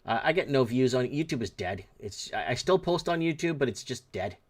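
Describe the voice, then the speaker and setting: A man's voice: mid-range voice, lively intonation, a little fast. A middle-aged man hosting a livestream show, talking casually in a rambling, blunt way and swearing freely.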